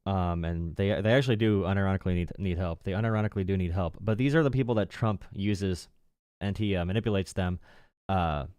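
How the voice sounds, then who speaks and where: A man's voice: low voice, fairly quick, a little mellow, clean tone, dry recording, clean studio sound. A young man hosting a political livestream, talking casually with a sarcastic, mocking tone and frequent laughs. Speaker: political streamer and call-in show host.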